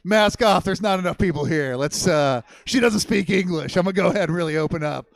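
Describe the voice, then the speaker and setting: A young man from Oregon doing stand-up, rambling, loud and profane, laughing at his own jokes on a theater stage. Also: high-pitched, a little fast, creaky, no room sound. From Portland, Oregon. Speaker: stand-up comedian. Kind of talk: stand-up crowd work and storytelling.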